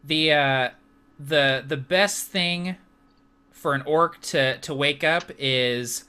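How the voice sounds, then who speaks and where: A man's voice: a little high, slow pace, sharp tone, clean tone. A man narrating a tabletop game as game master, loose and full of fillers.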